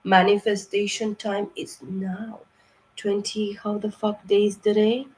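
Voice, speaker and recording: A woman's voice: medium pitch, level tone, unhurried, darkish tone, rough recording. A woman giving a casual tarot reading, blunt and profane, rambling with lots of fillers. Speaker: tarot reader.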